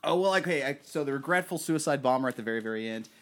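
A man's voice: medium pitch, animated, racing, a bit bright. A man hosting a podcast, chatting casually about a film in a rambling way with lots of fillers. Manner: rambling, many fillers, acts out movie quotes. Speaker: podcast host.

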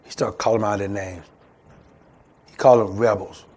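Husky preacher. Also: male voice, on the low side, steady tone, normal speed, a little mellow. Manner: call-and-response preaching, acts out voices. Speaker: pastor. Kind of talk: sermon. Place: church.

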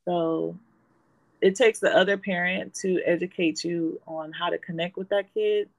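A woman's voice: on the low side, steady tone, measured pace, muffled recording. A woman in her forties, talking casually as a guest and explaining her family life in a reflective, storytelling way. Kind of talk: casual conversation.

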